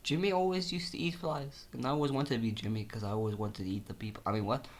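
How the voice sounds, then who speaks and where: A man's voice: mid-range voice, steady tone, fast talker, lightly acted. A man playing a bitter young male shop worker who hates his life, confessing to a mock therapist in a mumbling, darkly joking way. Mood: gloomy.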